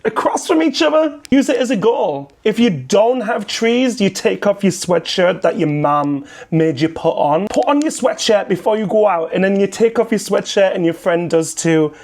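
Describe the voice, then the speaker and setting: A man's voice: sits high, animated, normal speed, hardly any pauses, darkish tone. Chatty young English guy reacting to clips. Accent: British English. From England. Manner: chatty, jokey, explains slang to foreign viewers. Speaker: YouTube commentator. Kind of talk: casual reaction commentary.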